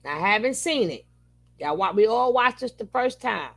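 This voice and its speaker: Woman reacting to a video, chatty and upbeat, kinda high with some vocal fry. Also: lively intonation, moderate pace. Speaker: reaction channel host. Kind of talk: casual reaction chat.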